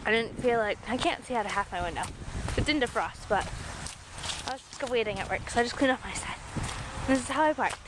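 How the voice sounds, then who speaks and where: A woman's voice: a little high, expressive, fairly quick. A young woman chatting casually to her camera while out in the snow after a storm, now and then cooing at her pets. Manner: chatty, talks baby talk to pets. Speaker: vlogger. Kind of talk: casual handheld vlog. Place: outdoors in snow. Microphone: handheld camera. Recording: noisy outdoor camera audio.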